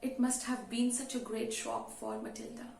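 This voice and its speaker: A woman's voice: fairly high pitch, level tone, moderate pace, creaky, darkish tone, slight background noise. A woman teacher retelling a story to students in a conversational way, with many "you know" fillers. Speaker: English teacher. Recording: roomy with faint ambience.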